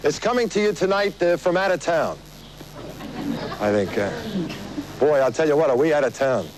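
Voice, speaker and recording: A man's voice: on the high side, moderate pace, noisy background. A man hosting a live TV variety show outdoors, chatting and joking through his opening monologue. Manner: chatty, joking, laughs at his own gags. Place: outdoors on location.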